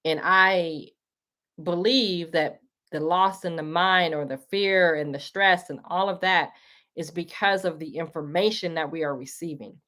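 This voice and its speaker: Emotional and tearing up, a woman hosting a live talk lectures her listeners, her "y'all," with earnest preachiness. Her voice is fairly low and a bit bright, her pace measured, in a casual monologue.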